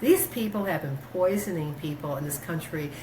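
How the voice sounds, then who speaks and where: A woman doctor talking in a casual interview, rambling through stories with many fillers and restarts, her pitch jumping when she quotes herself. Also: normal speed, noisy background. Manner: animated, pitch jumps when quoting herself. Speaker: guest, doctor.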